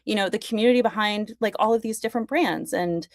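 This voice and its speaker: A young woman, a fashion content creator, guests on a podcast and chats eagerly about her work, peppering her speech with "like" and "you know." Her mid-range voice moves fast, and the studio-quality recording has no room sound.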